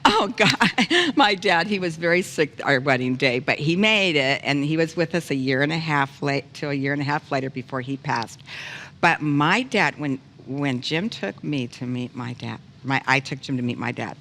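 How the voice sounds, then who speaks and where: A woman hosting a talk show, telling a personal story in an animated, laughing way. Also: sits low, moderate pace, long reverb tail, a little hiss or hum.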